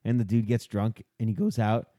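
Crude, laughing young man with a dark voice. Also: fairly low pitch, steady tone, fairly quick, no room sound, studio quality. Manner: profane, laughing, acts out quoted voices. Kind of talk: crude casual banter.

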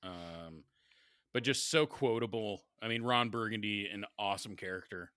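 A man co-hosting a casual chat, animated and quick to laugh as he quotes favorite lines. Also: lowish voice, dry recording, clean studio sound. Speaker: podcast co-host.

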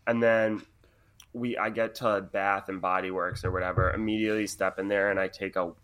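A man's voice: fairly low pitch, little pitch movement, brisk, a bit bright, clean tone. A young man co-hosting a podcast, telling a story in a rambling, laugh-filled way with lots of fillers. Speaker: podcast co-host. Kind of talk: casual storytelling chat.

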